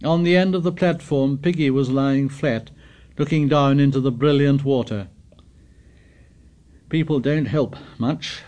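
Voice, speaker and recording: Male audiobook narrator, mid-pitched, measured storytelling read. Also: steady tone, a little mellow. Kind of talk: scripted narration.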